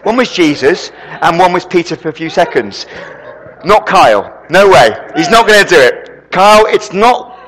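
A man preaching a sermon, an animated storyteller who throws quick asides to the congregation. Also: fairly high pitch. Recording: long reverb in a hall.

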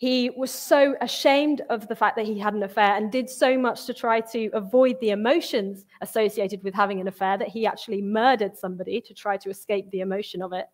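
A young woman giving a sermon in an earnest, expressive, conversational way. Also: medium pitch, a little fast, hardly any pauses. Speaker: preacher.

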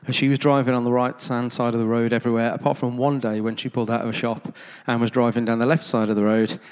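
A man's voice: mid-range voice, little pitch movement, fast talker, clear, resonant tone. A man tells anecdotes to a gathered audience in a loose, conversational way, full of ums and self-deprecating asides. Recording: long reverb of a large hall.

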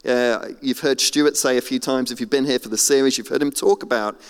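A man's voice: mid-range voice, steady tone, fairly quick, smooth. Man speaker, chatty storyteller, self-deprecating humor, live talk in a big echoing hall. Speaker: speaker giving a church talk. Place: large hall. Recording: long hall reverb.

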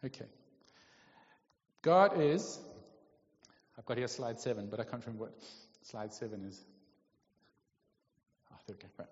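A man preaches in an easy, conversational way, pausing often to check in with his listeners. His mid-pitched voice carries a long echo in a church hall, and the recording sounds dull and lo-fi. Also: big pitch swings, darkish tone. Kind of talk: sermon. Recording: lo-fi, echoey hall.

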